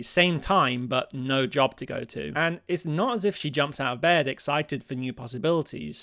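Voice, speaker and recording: A man hosting a scripted video essay, talking in a playful, expressive way and laughing at his own jokes. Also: medium pitch, creaky, dry recording, clean studio sound.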